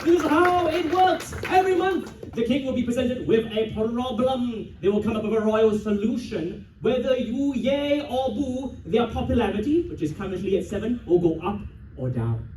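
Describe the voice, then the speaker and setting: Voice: mid-range voice, expressive, moderate pace. Comedy game show host, playful, theatrical, big convention hall, distant echoey sound. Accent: non-local. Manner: playful, theatrical, teasing the audience. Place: large convention hall with live audience. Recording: echoey hall, distant mic, loud background noise.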